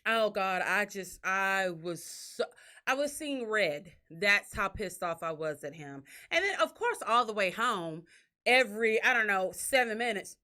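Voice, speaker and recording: A woman hosting a podcast, telling stories in a casual, profane way and acting out what others said. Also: a little slow. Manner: animated, profane, acts out quotes in a shrill crying voice. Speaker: podcast host. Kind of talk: casual storytelling chat.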